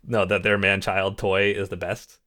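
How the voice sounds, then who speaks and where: A man's voice: low-pitched, little pitch movement, normal speed, sharp tone. A young man co-hosting a podcast in casual chat, dry and hesitant, often trailing off. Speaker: podcast co-host.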